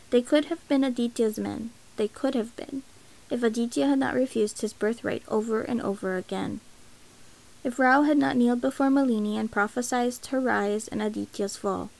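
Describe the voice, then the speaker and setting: A woman narrating a novel aloud in a steady, even storytelling voice. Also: on the high side, normal speed, gravelly, low-quality recording. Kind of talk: audiobook reading of a novel.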